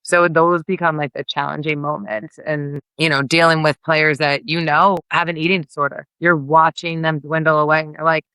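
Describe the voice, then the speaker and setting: A woman basketball coach talking candidly in a podcast interview, earnest and quick, with lots of "like" and restarts. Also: sits low, flat delivery, bright, forceful tone, clear, resonant tone, dry recording, rough recording. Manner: rapid and earnest, heavy use of "like", with frequent restarts. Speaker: college basketball head coach.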